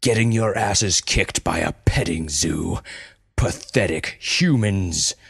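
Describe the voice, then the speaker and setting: A man doing a slow, sneering villain zookeeper. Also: sits low, gravelly, fairly bright tone, slightly rough, heavily acted. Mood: scornful. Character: menacing villainous male zookeeper, gloating. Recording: music playing under the voice.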